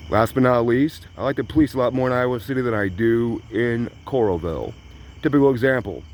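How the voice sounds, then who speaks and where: A man's voice: medium pitch, fairly quick, a little mellow. A man vlogging a casual tour of his new place, talking in a dry, sarcastic way. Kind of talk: casual home tour narration.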